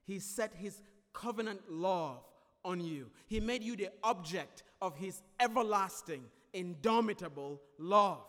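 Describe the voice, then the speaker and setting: A man preaching a sermon as pastor, emphatic and repetitive, swinging between loud declarations and quieter explanation. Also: high-pitched, a little slow. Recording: long hall reverb.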